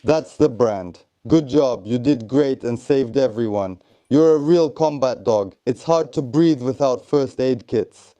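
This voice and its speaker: A man's voice: medium pitch, unhurried, hardly any pauses, mellow, no room sound. A man instructing trainees in tactical first aid, coaching them step by step and repeating short encouragements. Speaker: military tactical medicine instructor.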